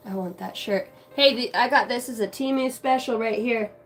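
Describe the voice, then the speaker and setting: A woman's voice: a little high, normal speed. A woman chatting casually on a live stream, brash and profane, laughing often.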